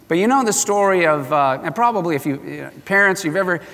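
A man's voice: sits high, expressive, fast talker, pushed and bright. A man preaching a sermon with passion, now and then acting out the voices of the people he quotes. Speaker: pastor. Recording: reverberant hall.

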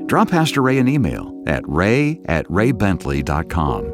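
A man reading scripted announcements for a radio ministry program in a smooth, expressive way. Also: sits low, unhurried, few pauses. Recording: music bed behind the voice.

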